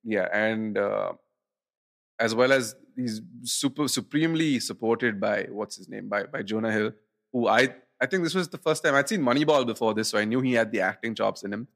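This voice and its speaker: A man's voice: on the low side, normal speed, creaky, fairly bright tone. A man co-hosting a podcast, chatting casually about films and rambling through fillers and restarts. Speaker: podcast co-host. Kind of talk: casual film chat.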